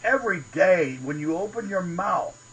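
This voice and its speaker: A man's voice: high-pitched, animated, normal speed, fairly bright tone, slightly rough, poor audio. A man from Pennsylvania hosting his own show, ranting indignantly in profane, combative political commentary. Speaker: host.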